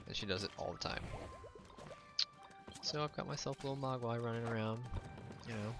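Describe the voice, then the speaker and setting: A man's voice: mid-range voice, brisk, over music. A man casually chatting with his viewers during a live game stream, rambling with lots of "like" and laughing often. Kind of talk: casual live-stream chat while playing.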